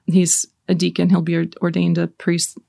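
A woman's voice: fairly low pitch, monotone, normal speed, gravelly, dark tone, no echo, clean studio sound. A woman in her forties hosting a Catholic prayer talk, telling family stories in a chatty, laughing way before leading prayer. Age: 40s. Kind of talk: casual faith talk with storytelling and prayer.

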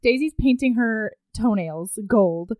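A woman's voice: fairly high pitch, expressive, slow pace, a little mellow, dry recording. A woman co-hosting a casual book chat, retelling plot points with gushing enthusiasm. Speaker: podcast co-host discussing a book.

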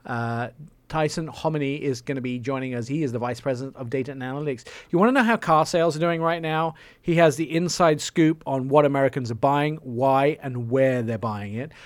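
A man's voice: mid-range voice, a little fast, dry recording. A man hosting a radio show, chatting casually and enthusiastically, with jokey asides.

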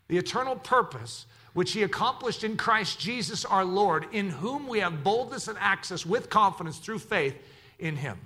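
A male preacher with a high, very lively voice that climbs and falls freely. His tone is strikingly bright and sharp. He moves from near-whispered asides to loud, building emphasis. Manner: swings from hushed asides to rising shouted lists; asks the congregation questions and answers them himself. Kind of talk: sermon.

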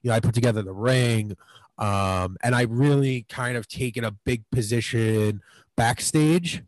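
A man's voice: mid-range voice, a little slow, no room sound, rough recording. Rambling young man, dry sound. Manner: rambling, filler-heavy, lots of "like" and "you know". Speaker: podcast guest. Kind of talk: casual storytelling.

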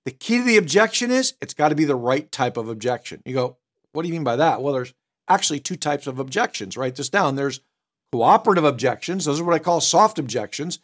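A man's voice: a little high, lively intonation, a little fast. A middle-aged man teaching a sales training session, direct and emphatic, with punchy asides. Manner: switches tone to act out customers. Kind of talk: recorded training seminar.

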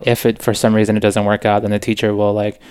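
Young male podcast guest, earnest and casual, lowish smooth voice with little melody, heavy on fillers. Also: fast. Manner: relaxed, earnest, many "like" and "you know" fillers. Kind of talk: casual interview chat.

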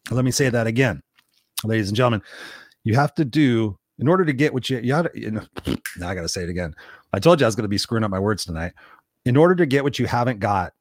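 A man's voice: fairly low pitch, animated, quick pace, dry recording, clean studio sound. A man hosting his own show, giving an unscripted motivational talk, blunt and swearing often, acting out the people he quotes. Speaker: podcast host. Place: Los Angeles.

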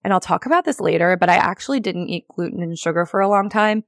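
Upbeat woman podcast host with a lower voice, chatty teaching tone, recorded dry and close. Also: expressive, fast talker, dry recording. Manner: chatty, upbeat, frequent "like" and laughs. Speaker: podcast host and real estate agent. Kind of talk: casual solo podcast teaching.

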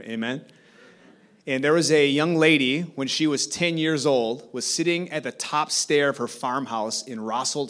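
A man in his thirties sharing a personal testimony as a guest speaker at church, storytelling warmly and growing animated. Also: medium pitch. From South Korea. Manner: storytelling, animated when excited, soft in prayerful parts. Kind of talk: testimony sermon.

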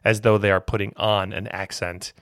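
A man co-hosting a podcast in casual chat, chatty and digressive, quick to laugh. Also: lowish voice, level tone, fairly bright tone, clean tone, dry recording, studio quality. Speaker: podcast co-host.

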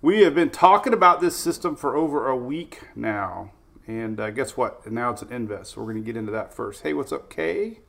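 A man's voice: mid-range voice, expressive, a little fast, gravelly, a bit bright. A middle-aged man hosting a live weather stream, chatty and upbeat, greeting viewers by name. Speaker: weather show host.

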